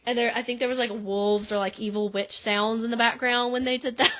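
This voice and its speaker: A woman's voice: on the high side, fairly even intonation, fairly quick, a bit bright. Chatty young woman recapping a show. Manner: chatty, laughing, frequent "like" fillers. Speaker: podcast co-host. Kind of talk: casual recap chat.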